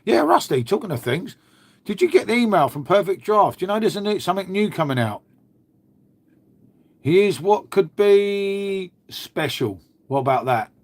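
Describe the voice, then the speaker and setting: Bloke live streaming, slightly high voice, chatty, swears a bit, talks to chat. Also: male voice, very animated, fast, husky. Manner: chatty and matey, swears, answers viewers' comments. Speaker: beer channel host.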